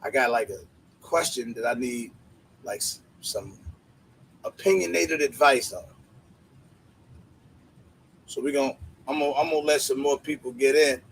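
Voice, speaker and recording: A man's voice: mid-range voice, a little slow, gravelly, long pauses, slight background noise, rough recording. A man hosting a casual livestream, greeting viewers by name in laid-back slang. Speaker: livestream host.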